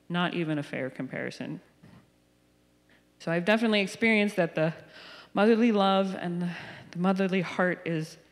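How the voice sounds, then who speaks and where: A woman in her thirties giving a sermon, chatty and personal, telling stories with little asides. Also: lowish voice. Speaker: pastor. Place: church hall. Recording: church hall reverb.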